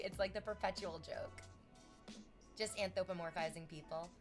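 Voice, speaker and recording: A young adult woman livestreaming casual chat, swearing freely and breaking into excited shrieks and laughter as she reacts to viewers. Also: mid-range voice, moderate pace, pauses often, faint music behind.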